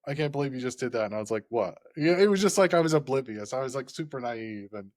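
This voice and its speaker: A man's voice: medium pitch, expressive, fast talker, no room sound, studio quality. A man chatting casually on a podcast, rambling and often laughing, with lots of "like" in his speech. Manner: rambling and laughing, heavy use of "like".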